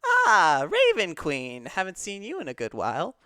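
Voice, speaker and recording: A man's voice: high voice, huge pitch swings, moderate pace, sharp tone, clear, resonant tone, dry recording, studio quality, pitched above the performer's own voice, heavily acted. A man voicing a smug male cosmic cat patron in a tabletop game, breezy and teasing. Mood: amused.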